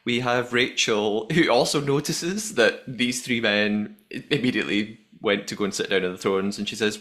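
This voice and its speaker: Man hosting a lively recap podcast. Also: on the low side, moderate pace, few pauses. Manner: animated, jokey, reads from notes. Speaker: podcast host. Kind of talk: episode recap chat.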